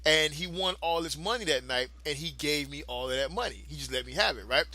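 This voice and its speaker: A man's voice: on the high side, expressive, brisk, pushed and bright, no room sound. A man, co-hosting a podcast and telling a long profane story with frequent laughter. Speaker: podcast co-host. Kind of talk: casual storytelling chat.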